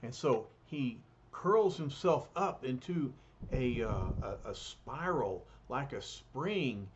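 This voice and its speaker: A man reading a comic book aloud, unhurried and with frequent fillers. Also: medium pitch, expressive, dull audio, slight background noise. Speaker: reader.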